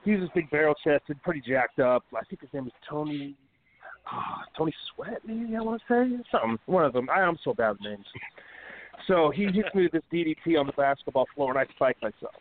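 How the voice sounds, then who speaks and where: A man's voice: fairly high pitch, expressive, a little fast. A man hosting a wrestling radio show, telling a long profane backstage story in a loose, rambling way full of fillers. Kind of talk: casual storytelling. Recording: tinny phone-line sound with faint hiss.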